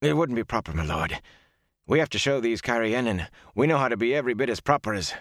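A man voicing a stiffly formal, deferential young male servant in an audiobook, pitched higher than his own voice. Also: expressive, fast, fairly bright tone, no echo, clean studio sound.

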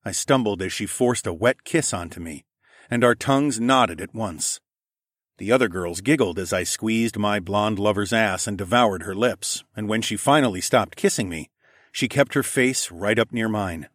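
A man reads a first-person audiobook in a steady, even storytelling manner. His voice sits on the low side, recorded close and completely dry. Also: moderate pace, no echo. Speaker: narrator.

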